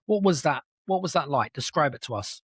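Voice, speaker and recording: A man's voice: a little high, lively intonation, fairly quick, husky, no room sound, studio quality. Male host asking rambling questions. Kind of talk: interview questions.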